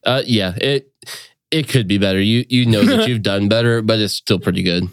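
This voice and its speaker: Low, smooth-voiced game master. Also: male voice, normal speed, dry recording, clean studio sound. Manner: relaxed, easygoing, filler-heavy. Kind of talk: narrating a tabletop game.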